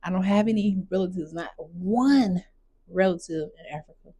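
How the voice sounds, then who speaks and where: Blunt woman ranting to camera, dark voice. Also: lowish voice, normal speed, slightly rough, no room sound. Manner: blunt, emphatic, repeats points. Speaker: vlogger. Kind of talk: casual direct-to-camera rant.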